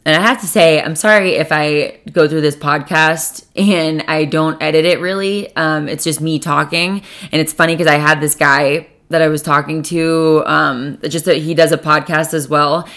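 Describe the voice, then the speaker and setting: Low-voiced young woman chatting casually. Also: fairly even intonation, moderate pace, few pauses, fairly bright tone. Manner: rambling, swears often, self-correcting. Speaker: podcast host. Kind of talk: casual solo podcast chat. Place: sitting at a table at home.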